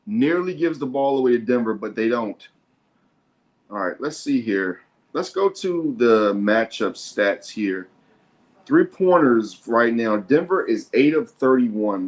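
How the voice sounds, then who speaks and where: A man hosting a sports show, commenting live on a basketball game in an excitable way and often repeating himself. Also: mid-range voice.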